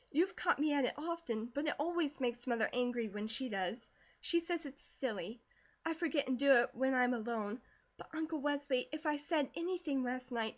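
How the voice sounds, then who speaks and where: A woman's voice: high-pitched, muffled recording, pitched above the performer's own voice, close to an everyday voice. A woman voicing an anxious, earnest teenage country girl who pleads breathlessly.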